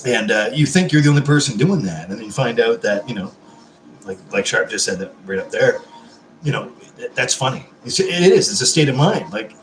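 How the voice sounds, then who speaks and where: Male livestream host, 30s, casual and sweary, medium pitch, echoey room. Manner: chatty and affectionate, swears freely.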